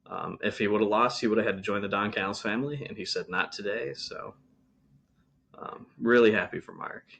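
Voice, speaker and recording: A man's voice: lowish voice, a little fast, creaky, a bit bright, slightly rough, lo-fi sound. A man co-hosting a podcast, casually reviewing wrestling shows with lots of ums and restarts. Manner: rambling, frequent ums and restarts. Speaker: podcast co-host.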